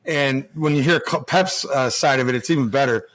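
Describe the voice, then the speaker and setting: A middle-aged man, a former hockey player and podcast guest, telling profane locker-room stories in a lively, casual way full of restarts. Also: mid-range voice, moderate pace. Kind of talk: casual storytelling chat.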